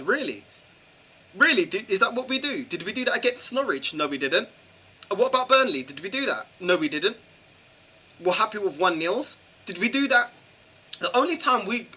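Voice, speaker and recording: A man's voice: high-pitched, sharp tone, husky, rough recording. A man ranting about football in a vlog, exasperated and firing off rhetorical questions in slangy talk. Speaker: football channel vlogger. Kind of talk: football fan rant vlog.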